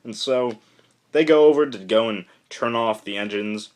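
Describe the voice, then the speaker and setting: A young man giving a casual, rambling spoken review of a comic, retelling the plot excitedly with lots of fillers. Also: mid-range voice, moderate pace.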